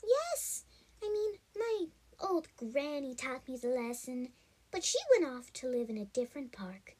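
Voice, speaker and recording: A woman puts on a friendly young male park creature for a homemade storybook tale, his voice pitched up high and swooping widely. He chats eagerly and slowly about his stew and his granny, leaping up and down in tone. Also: very animated, a little mellow, breathy edge, heavily acted.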